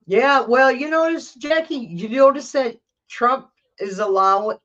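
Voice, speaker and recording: A woman's voice: high-pitched, a little slow, a bit bright, highs cut off. A woman hosting a tarot channel, chatting casually with blunt, profane, rambling talk and coughing now and then. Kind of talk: casual livestream chat.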